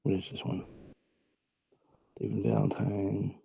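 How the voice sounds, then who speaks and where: A man's voice: fairly low pitch, unhurried, gravelly, very noisy. A man hosting a stream, reacting to clips in laid-back, casual commentary with chuckling asides.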